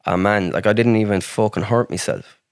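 An Irish man with a lowish voice tells his story as a podcast guest, rambling and swearing freely and filling his talk with "like". The sound is dry and close, with no room echo. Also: brisk, vocal fry, smooth. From Ireland. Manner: rambling, heavy swearing, frequent "like". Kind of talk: casual storytelling.

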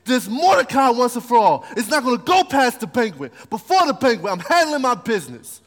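A man playing an angry, scheming male royal official who shouts and huffs, in a sermon. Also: very high voice, very animated, fairly quick, voice pushed up. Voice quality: shouting, huffing. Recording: long hall reverb.

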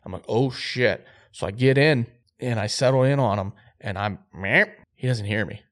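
A man co-hosting a podcast, telling a hunting story in an animated, excitable way. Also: on the low side, moderate pace. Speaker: podcast co-host.

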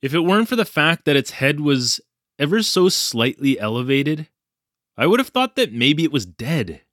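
A man's voice: fairly high pitch, sing-song, normal speed, a bit bright, dry recording, studio quality. An actor playing a flustered young male English teacher in Japan, telling his ordeal in a wry, self-deprecating way. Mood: recounting. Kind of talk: audio drama storytelling narration.

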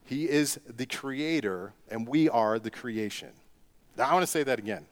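A middle-aged male pastor preaches a sermon at a medium pitch. He leans on rhetorical questions and pushes into emphatic bursts for his key points. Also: moderate pace.

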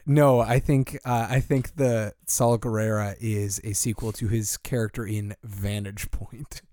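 A man co-hosting a casual movie podcast, animated and quick to laugh. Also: fairly low pitch, no room sound, studio quality. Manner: animated, mimics voices, laughs often. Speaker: podcast co-host. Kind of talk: casual banter.

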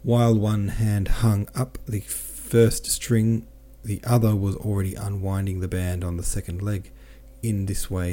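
A man narrating a novel as an audiobook, reading in a steady, measured way. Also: sits low. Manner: steady, measured reading with small self-corrections.

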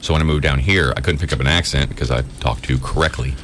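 A man's voice: very deep voice, fast talker, a bit bright, a little hiss or hum. A man co-hosting a radio show, easygoing and self-deprecating in casual banter. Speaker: radio co-host.

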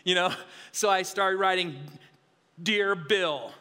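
A man's voice: high voice, takes it slowly, bright, forceful tone, smooth. A male pastor preaching a sermon in an earnest, confessional way, often restarting and repeating his words. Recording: hall reverb.

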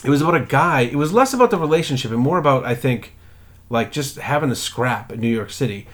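Profane, animated man telling stories. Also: mid-range voice, fast talker. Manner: profane, animated storyteller who acts out characters. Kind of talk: casual podcast chat.

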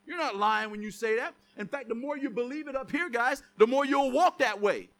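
A man's voice: very high voice, brisk, fairly bright tone. A man preaching a sermon to a congregation, emphatic, often asking rhetorical questions. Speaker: pastor.

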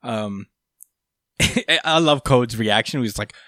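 A man's voice: mid-range voice, slow pace, bright, forceful tone, no echo, studio quality. A man hosting a casual recap chat, laid-back, swearing freely, laughing often, with lots of fillers.

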